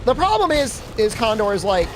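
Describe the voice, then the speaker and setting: A young man chatting casually to his chat while gaming, telling stories in an animated way. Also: sits high, fairly quick, noisy background. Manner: chatty, animated storytelling with laughs. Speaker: streamer.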